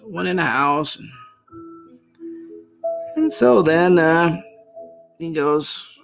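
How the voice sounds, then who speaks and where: Gravelly-voiced preacher telling a story. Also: male voice, on the high side, expressive, very slow, a bit bright. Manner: rambling, conversational, many restarts. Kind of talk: sermon storytelling. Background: instrumental music.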